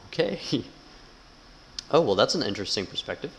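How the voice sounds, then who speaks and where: A man's voice: mid-range voice, very animated, moderate pace, slight background noise, poor audio. A man giving casual, sarcastic gameplay commentary, swearing a lot and reading game text aloud. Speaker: gamer.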